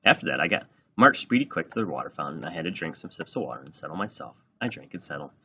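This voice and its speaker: A man with a low, husky voice reads a children's storybook aloud, swooping lively through every line. His tone is bright and forward. The recording sounds dull and lo-fi. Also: fast. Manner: animated, plays out every line. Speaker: reader. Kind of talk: children's book read-aloud.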